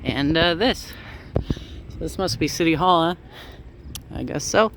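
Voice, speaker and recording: Guy talking to his bike cam while riding around town, kinda higher voice, rambly and wry, faint traffic hum behind. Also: unhurried. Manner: rambling, wry asides, frequent "uh". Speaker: transit vlogger. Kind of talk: casual narration while cycling. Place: outdoors, on a bike through town streets.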